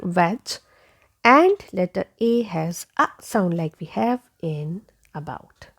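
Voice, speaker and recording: A woman gives a pronunciation lesson at an unhurried pace. She repeats each word over and over, and her voice has a gravelly edge. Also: fairly low pitch, very animated. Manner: slow, repeats each word several times. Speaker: English pronunciation teacher.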